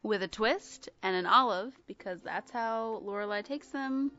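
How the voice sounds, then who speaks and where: A woman's voice: mid-range voice, measured pace, sharp tone, dull audio, soft background music. A woman co-hosting a podcast in casual chat, bubbly and giggly. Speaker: podcast co-host.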